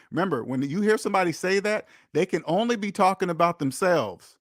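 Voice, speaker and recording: A man's voice: sits high, animated, fast talker, hardly any pauses, dry recording. Emphatic lecturing man, dry sound. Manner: emphatic, repetitive, lecturing the viewers. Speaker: personal finance channel host. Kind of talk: preachy direct-to-camera monologue.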